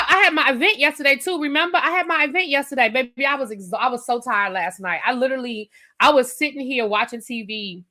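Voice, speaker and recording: Woman streamer, young adult, chatty and animated, high bright voice. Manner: chatty, animated, talks straight to chat viewers. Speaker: YouTube reviewer hosting a live stream. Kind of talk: casual live-stream chat.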